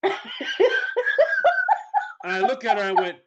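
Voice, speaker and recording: A man's voice: high voice, takes it slowly, dull audio. A man comically retelling an exasperating story, laughing as he talks with mock bewilderment. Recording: audience noise behind.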